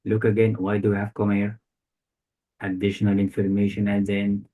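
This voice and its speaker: A man's voice: lowish voice, completely flat delivery, fairly quick, phone-quality sound. A male tutor giving a one-on-one grammar lesson, quizzing his student with short repeated questions. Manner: quizzing, repetitive questions, non-native phrasing. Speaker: English test tutor.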